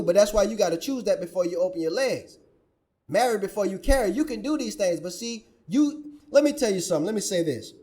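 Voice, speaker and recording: Man, high-pitched, scolding rant, preachy commentary. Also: a little mellow. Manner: preachy, scolding, quotes scripture. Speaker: commentary channel host. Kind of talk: ranting reaction commentary.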